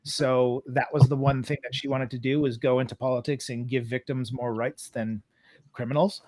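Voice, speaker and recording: A man's voice: mid-range voice, level tone, normal speed, a little mellow. A man from Canada, a guest actor, telling a story on a video call, rambling with lots of fillers and breaking into laughter. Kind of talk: casual storytelling on a video chat.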